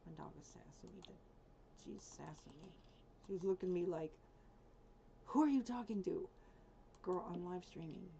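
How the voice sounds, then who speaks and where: Gravelly low-voiced woman streamer. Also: a little mellow, a little hiss or hum. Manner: chatty, thinks aloud, teases her dog between tasks. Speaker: live streamer. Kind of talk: casual live-stream chat while building in a game. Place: at home. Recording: dull lo-fi stream audio.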